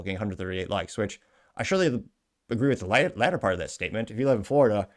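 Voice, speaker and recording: A man's voice: lowish voice, lively intonation, rapid-fire. Sarcastic male commentary show host. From Cuban heritage. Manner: dry, sarcastic and joking, with self-deprecating asides. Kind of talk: online commentary reading social media comments.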